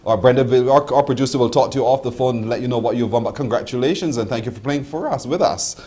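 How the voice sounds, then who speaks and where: A man's voice: medium pitch, fast talker, warm tone. A Barbadian man hosting a live morning TV and radio show, chatting playfully with a caller and laughing often. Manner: playful, laughs a lot, teasing.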